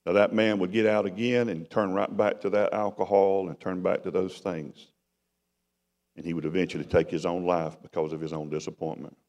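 A middle-aged man preaching a testimony, dramatic and storytelling, his voice swinging from loud to hushed. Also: low-pitched, little pitch movement, normal speed, lo-fi sound. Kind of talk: sermon testimony. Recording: long hall reverb.

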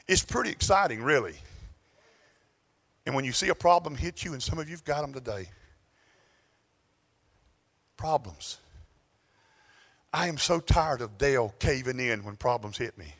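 A man with a Southern US accent, a pastor preaching a sermon in a church, telling stories in an animated way that swings between exclamations and quiet asides. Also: medium pitch, normal speed, long pauses.

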